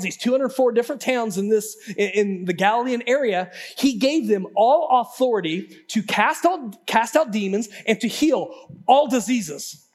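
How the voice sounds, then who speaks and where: A male pastor giving a sermon in a conversational, animated way, addressing the congregation directly and often repeating words as he builds up. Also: very high-pitched, moderate pace. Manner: talks straight to the congregation.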